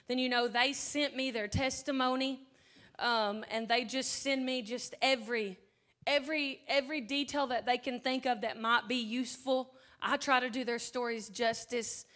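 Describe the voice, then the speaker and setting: High-voiced Southern woman leading a devotion. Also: fairly even intonation, moderate pace. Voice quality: slight twang. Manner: chatty and warm, rising to fervent emphasis. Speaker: church speaker leading a devotion. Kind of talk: informal church devotion.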